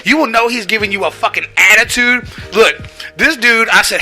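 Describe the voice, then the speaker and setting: A man co-hosting a casual chat, telling animated, profane stories and acting out his cat. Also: sits high, brisk, soft background music. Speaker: podcast co-host.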